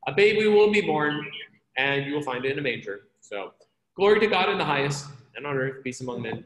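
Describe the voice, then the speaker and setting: A man's voice: medium pitch, moderate pace, a bit bright, a little hiss or hum, close to an everyday voice. A man playing an awed angel herald. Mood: hurried. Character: awed male angel bringing good news. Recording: echoey lecture hall.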